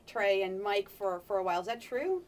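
A woman interviewer asking questions in a quick, friendly manner. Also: mid-range voice, animated, a crowd in the background.

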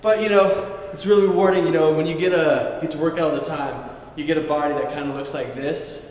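A man's voice: fairly high pitch, fairly even intonation, a little fast, darkish tone, close to an everyday voice. A man playing a cocky, boastful police officer in a mock documentary skit, with a swaggering manner. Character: cocky macho male cop in a spoof. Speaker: actor in a comedy skit. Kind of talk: mock documentary comedy acting. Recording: echoey room with noise.

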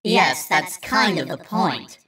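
A woman's voice: low-pitched, sing-song, slow pace, a bit bright, far from the mic, exaggerated voice. A woman voicing a smug, condescending female necromancer villain who taunts her foe. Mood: taunting.

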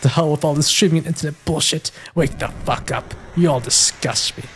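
A gamer reading aloud the lines of an unstable young female streamer in a low, half-whispered way. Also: moderate pace, fairly bright tone, a little hiss or hum, natural voice. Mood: disgusted.

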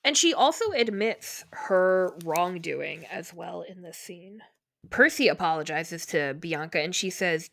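A woman's voice: on the low side, animated, unhurried, vocal fry, fairly bright tone, no echo, clean studio sound. A woman co-hosting a podcast, casually retelling scenes from a book and acting out the characters' lines. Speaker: podcast co-host.

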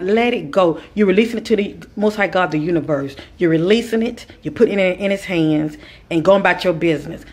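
A woman's voice: on the low side, fairly quick, a little mellow, slightly rough. A woman giving a spiritual advice monologue, speaking with a repetitive, preacher-like cadence and calling her listeners kings and queens. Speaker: spiritual teacher.

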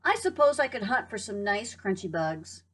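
A woman voicing an anxious, worried hen in a storybook read-aloud, with high, fretful exclamations. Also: sing-song, moderate pace, a bit bright, breathy edge.

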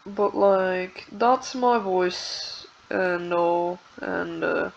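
A woman's voice: fairly low pitch, level tone, extremely slow, gravelly, highs cut off, slight background noise. A woman talking casually into her laptop at home, rambling and hesitant and running herself down. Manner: rambling, hesitant, self-deprecating. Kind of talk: casual vlog talk.

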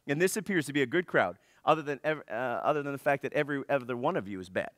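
Bright, dry-voiced joking pastor. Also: male voice, medium pitch, animated, fast talker, no room sound. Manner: joking, conversational preaching. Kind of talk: sermon. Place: church.

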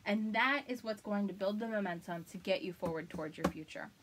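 Animated chatty woman hosting a craft livestream. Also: medium pitch, fairly quick, background noise. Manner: chatty, animated, laughs often. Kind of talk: casual live craft chat.

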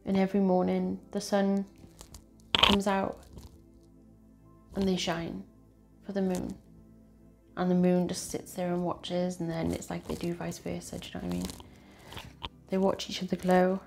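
Lowish voiced woman reading tarot, earnest and a bit emotional, repeats herself, faint music under it. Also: monotone, measured pace, vocal fry. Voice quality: earnest, emotional, repetitive phrasing. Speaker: tarot reader.

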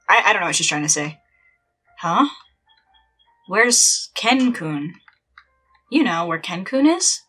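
A woman's voice: lowish voice, animated, slow, pauses often, bright, forceful tone, husky. A young woman chatting playfully through a horror game, with exasperated asides. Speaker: gaming channel host. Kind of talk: let's play commentary. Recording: faint game music behind.

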